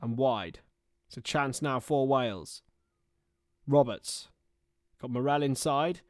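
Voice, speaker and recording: A young man gives casual watchalong commentary on a football match over a livestream, blending play-by-play with rambling, chatty asides. His voice is medium-pitched and slow, recorded clean in a studio with no room sound.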